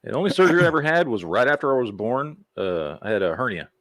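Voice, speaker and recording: A man co-hosting a casual livestream chat, explaining things quickly and matter-of-factly. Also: mid-range voice, expressive, fairly bright tone, no echo. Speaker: co-host.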